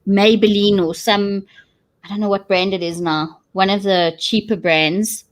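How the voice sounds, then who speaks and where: A woman with a South African accent, chatting casually with lively, jokey asides. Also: mid-range voice, a little slow. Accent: South African English. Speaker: co-host. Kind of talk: casual chat.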